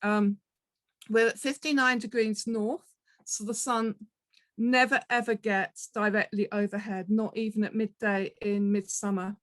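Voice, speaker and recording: A woman's voice: medium pitch, flat delivery, measured pace, dry recording. A middle-aged woman with a Portsmouth accent giving a chatty, self-deprecating conference talk full of ums. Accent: Portsmouth English. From south of England. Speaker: conference speaker.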